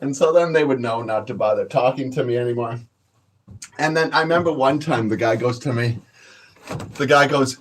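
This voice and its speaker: Swearing, bragging and relaxed, a male cannabis vlogger casually tells stories on his vlog. He speaks at a medium pitch and a moderate pace.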